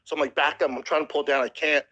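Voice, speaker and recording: A muffled recording captures a podcast host in his thirties whose slightly high voice races along. He's emotional and near tears while giving a profane, animated account of a harrowing story, acting out the quotes in casual chat.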